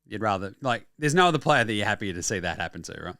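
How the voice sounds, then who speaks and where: An Australian man hosting a basketball show, talking casually and excitedly with frequent swearing and quick asides. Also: on the low side, no room sound, studio quality. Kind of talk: casual sports talk.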